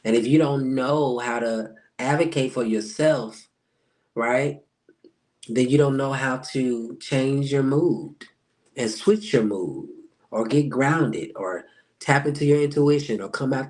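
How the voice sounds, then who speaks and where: A man's voice: medium pitch, slow, a little mellow. Chatty man talking astrology live. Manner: chatty, answers viewers by name, acts out quoted reactions. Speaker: spiritual life coach. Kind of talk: casual live-stream astrology talk.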